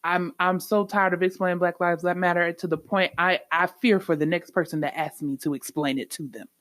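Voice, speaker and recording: Woman, podcast host, low-pitched, emphatic, animated storyteller, dry close sound. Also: moderate pace, no echo. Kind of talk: faith-based podcast chat.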